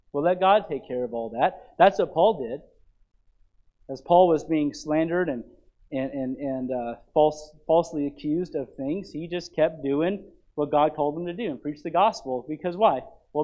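Man pastor, fairly high voice, earnest sermon delivery that swells and falls. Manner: earnest preaching, voice rising and dropping for emphasis.

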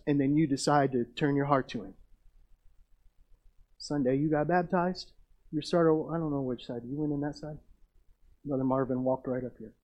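A middle-aged man, a pastor telling stories in a sermon and swinging from hushed to emphatic. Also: fairly high pitch, moderate pace, poor audio.

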